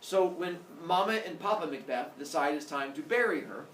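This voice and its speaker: Animated male teacher, echoey classroom. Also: on the high side, normal speed, far from the mic, a little hiss or hum. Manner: animated, acts out characters with sound effects. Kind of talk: classroom storytelling lecture.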